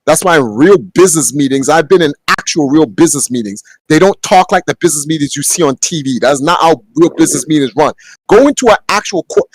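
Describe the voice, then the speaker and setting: Brief: young male podcast host, blunt profane rant, higher voice, dry close mic. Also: lively intonation, fast talker, no room sound, low-quality recording. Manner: blunt, profane, rising to heated outbursts. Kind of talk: casual ranting monologue. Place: home room.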